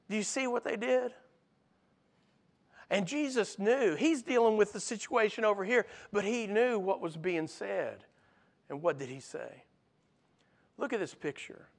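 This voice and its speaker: A man with a high voice delivers a sermon. He preaches with animation, acting out the voices he quotes and sinking quiet and low on key lines. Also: expressive, takes it slowly. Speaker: pastor.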